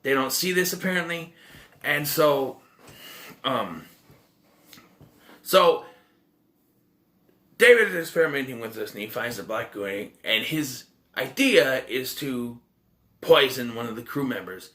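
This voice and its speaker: An animated man with a mid-range, sharp-toned voice speaks unhurriedly and pauses often. As a film reviewer, he recaps the plot casually and meanderingly, revising what he says and tossing in sardonic asides.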